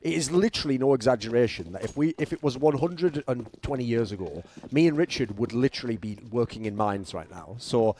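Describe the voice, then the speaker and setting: A man's voice: medium pitch, expressive, a little fast, few pauses, warm tone, a little hiss or hum. A young man from Northern England with a Geordie accent, an esports commentator bantering in casual colour commentary, joking, rambling and swearing freely. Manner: joking, profane, rambling storyteller.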